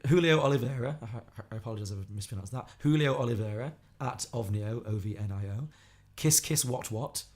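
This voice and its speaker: Chatty and quick, a Liverpool-area man reads listener suggestions on his casual podcast, laughing here and there. He speaks at a medium pitch with a darkish tone.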